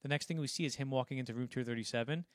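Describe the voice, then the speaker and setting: A man's voice: mid-range voice, racing, no echo, clean studio sound. A young man co-hosting a casual film podcast, animatedly retelling scenes in a rambling way full of restarts. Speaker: podcast co-host.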